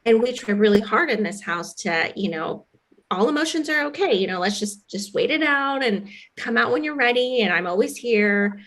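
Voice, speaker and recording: A woman's voice: on the high side, animated, normal speed, a bit bright. A woman podcast host telling a personal story in a reflective, casual way with fillers. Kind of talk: conversational podcast chat.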